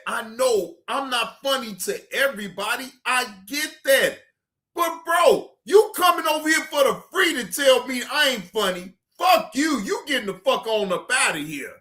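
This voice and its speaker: A reaction streamer delivers a heated, profane rant straight to the chat, repeating curt goodbyes and breaking into shouted bursts. The voice sits high and bright, and the talk moves at an unhurried, drawn-out pace. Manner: repetitive dismissive sign-offs. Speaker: livestream reaction host.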